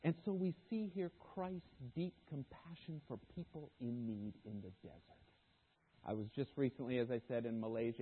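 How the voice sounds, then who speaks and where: A man preaching a sermon as guest speaker, animated, sometimes voicing the disciples' objections. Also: mid-range voice, husky. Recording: tinny phone-like sermon recording.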